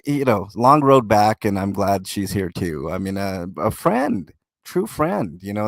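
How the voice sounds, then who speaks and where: A man hosts a casual livestream and reads his chat aloud. His voice sits a little low, and the sound is dry and close to the mic. He rambles in halting bursts with many fillers and restarts, and swears freely. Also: no room sound. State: talking with a mouth full of food. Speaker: livestream host reading chat.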